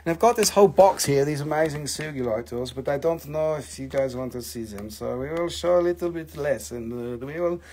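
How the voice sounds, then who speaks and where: Male live-sale host, excitable and joking, slightly higher voice. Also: a little fast, few pauses. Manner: excitable, swears, jokes, talks to viewers. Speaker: live-stream seller of minerals. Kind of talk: casual live-sale patter.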